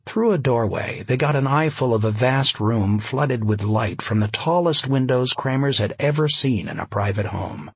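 Male audiobook narrator, husky, low voice, very dry close sound, wry delivery. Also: no echo. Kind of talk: scripted narration.

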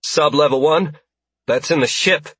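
A man's voice: on the high side, a little slow, fairly bright tone, breathy edge, no echo, voice pushed up. A man voicing a young female tech specialist who speaks matter-of-factly.

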